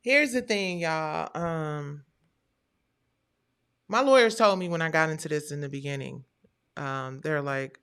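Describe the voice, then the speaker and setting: A woman's voice: deep voice, measured pace, long pauses, a bit bright, clean tone. A woman hosting a live stream, chatting casually and talking straight to her viewers.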